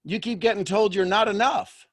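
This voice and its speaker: A man coaching someone on a call, pressing with quick rhetorical questions. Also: high-pitched, steady tone.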